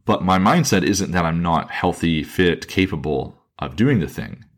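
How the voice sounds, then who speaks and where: A man hosting a podcast who talks alone in an earnest, thoughtful way. He often repeats phrases, restarts his sentences and slows down to stress a point. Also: sits low, animated. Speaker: podcast host, fitness coach. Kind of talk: reflective solo podcast monologue.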